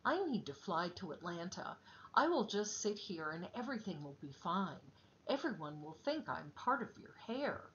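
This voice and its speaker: A woman's voice: a little high, very animated, slow, hardly any pauses, a bit bright, lo-fi sound, a little hiss or hum, heavily acted. A woman voicing a vain, chatty male parrot in a storybook reading, proud and a little bossy.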